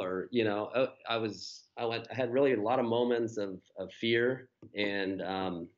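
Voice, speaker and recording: A man's voice: lowish voice, normal speed, hardly any pauses, highs cut off. A man, a guest on a running podcast, telling his race story in a casual, rambling way with many fillers and restarts.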